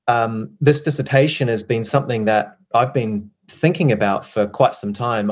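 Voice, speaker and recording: A man in his thirties speaks in a fairly low voice, relaxed and a little hesitant. He talks as a podcast guest, filling his sentences with ums and restarts. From United Kingdom. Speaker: podcast guest, former pastor. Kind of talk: casual interview conversation.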